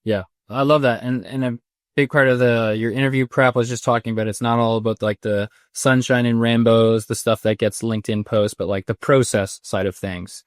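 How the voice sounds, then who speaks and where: Man, podcast host, chatty interview questions, average pitch, dry close-mic sound. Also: fairly even intonation, normal speed, dry recording. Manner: chatty, rambling questions with many restarts. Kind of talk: conversational interview.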